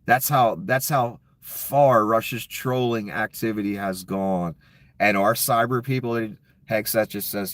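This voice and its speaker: A man's voice: lowish voice, measured pace, fairly bright tone, no echo. Profane, scornful male political ranter. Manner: profane, scornful, sarcastic, reads headlines aloud. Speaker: political commentator. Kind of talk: angry political rant.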